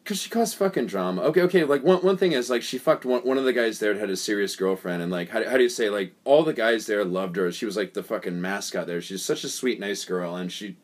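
A man's voice: fairly low pitch, fast talker, hardly any pauses. A man co-hosting a podcast, telling a long story in a casual, profane way and acting out the voices of the people in it. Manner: profane, animated, acts out quoted voices. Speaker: podcast co-host.

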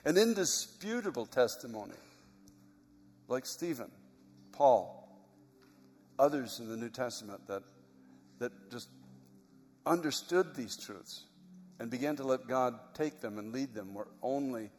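A man's voice: mid-range voice, animated, a little slow, long pauses, a little mellow. Middle-aged guy preaching, earnest storytelling, mid voice, big hall echo. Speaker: pastor. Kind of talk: sermon. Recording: long hall reverb.

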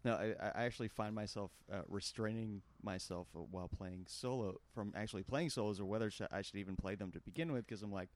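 A man's voice: lowish voice, fast, hardly any pauses. A male podcast co-host and musician chatting casually, poking fun at himself. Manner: self-mocking, animated. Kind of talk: casual chat.

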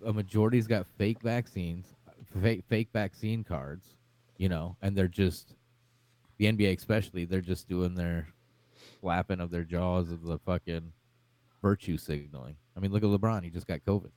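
Brief: low male guest, swearing, rambling rant, dry close mic. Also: steady tone, normal speed, a little mellow, no room sound. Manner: profane, rambling, ranting. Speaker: podcast guest. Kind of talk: casual chat.

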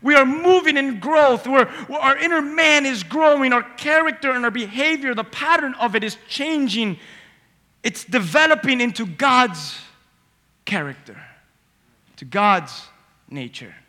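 A pastor preaches a sermon in a church sanctuary, his voice carrying a long reverberating echo with the congregation around him. His high, bright voice is expressive and unhurried, swinging between forceful emphasis and quiet asides and slipping into little character voices as he tells a story.

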